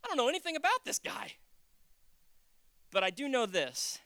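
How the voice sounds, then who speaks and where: A preacher giving a casual, animated sermon, jumping into acted quotes and joking with the congregation. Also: sits high, normal speed, dry recording. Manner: animated, acts out quotes, jokes. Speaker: pastor. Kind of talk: conversational sermon.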